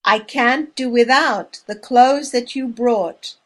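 A woman leading a language lesson drill, speaking slowly and clearly and pausing between words. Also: on the high side. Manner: clear, measured, spacing out each word. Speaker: language teacher. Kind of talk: slow, deliberate language drill.

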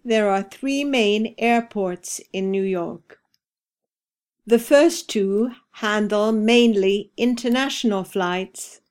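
A woman hosting an English-learning podcast, reading a scripted repeat-after-me drill with careful, deliberate enunciation. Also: medium pitch, darkish tone. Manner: slow, carefully enunciated repetition. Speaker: ESL podcast teacher.

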